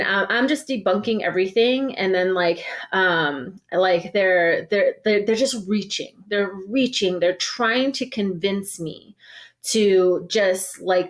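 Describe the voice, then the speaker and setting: Woman organizer telling her story, full of "like"s. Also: on the low side. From Navajo Nation. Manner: heavy use of "like" and restarts, animated storytelling. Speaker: organizer, podcast guest. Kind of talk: casual spoken recounting of an experience.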